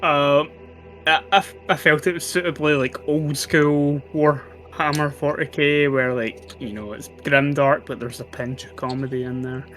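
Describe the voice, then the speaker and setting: A man running a tabletop game recaps events at an unhurried pace. He hesitates often, filling gaps with ums. Faint music plays under his voice. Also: on the high side. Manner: relaxed, hesitant with many fillers. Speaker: game master.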